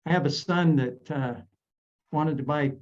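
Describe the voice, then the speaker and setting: A man from Idaho giving measured, explanatory coaching advice as a guest on a video call. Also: a little high, muffled recording. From Idaho, USA.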